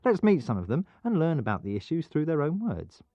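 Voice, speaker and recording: A man presenting an educational programme, explaining things clearly in scripted narration. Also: on the high side, huge pitch swings, brisk, warm tone, no echo. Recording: dull, dry studio sound.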